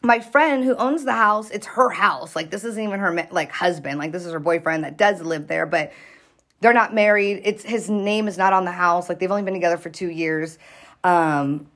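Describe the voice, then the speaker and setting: A woman telling a story in casual chat with friends, animated and profane, acting out what people said. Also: on the low side, normal speed. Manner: animated, profane, acts out quoted lines. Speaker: storyteller recounting a fight.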